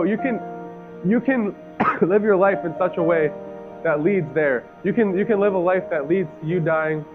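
A young man in his twenties preaching a sermon, telling a story earnestly, often restarting his sentences. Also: on the high side. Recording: tinny phone-like audio, faint guitar music.

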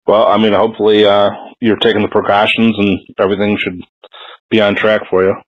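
Hesitant low-voiced interviewer, lo-fi. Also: male voice, level tone, fairly quick, dry recording. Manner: hesitant and sympathetic, full of fillers. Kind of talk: phone interview. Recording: dull lo-fi dry sound.

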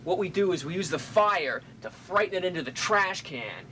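A woman acting out an earnest, soft-hearted clerk in a comedy sketch who would rather free the pest than kill it. Her voice moves in a lively way, over a clearly noisy background. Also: lowish voice, moderate pace. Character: gentle, animal-loving store clerk.

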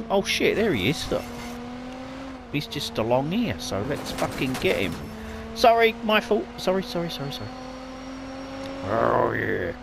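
A man's voice: sits high, gravelly. A man giving frantic let's play commentary, swearing a lot and apologizing over and over. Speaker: gamer. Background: game music and car noise.

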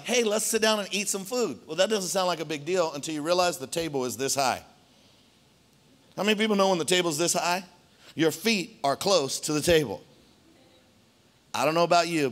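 A man preaching a sermon in a church, conversational and animated, often checking in with the congregation. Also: fairly high pitch. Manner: conversational, animated, frequent "right?" asides. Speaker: pastor.

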